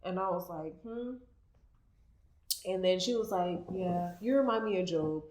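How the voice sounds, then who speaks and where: A woman's voice: fairly low pitch, unhurried, darkish tone. Woman, casual podcast chat, emotional storytelling, filler-heavy, echoey room. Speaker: guest co-host.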